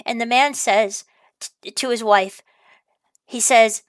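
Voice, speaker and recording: A woman's voice: a little high, steady tone, slow, clear, resonant tone, dry recording, studio quality. A woman delivering an exasperated, profane rant, repeating herself as she vents. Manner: exasperated, profane, repetitive ranting. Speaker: ranting vlogger. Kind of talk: angry rant monologue.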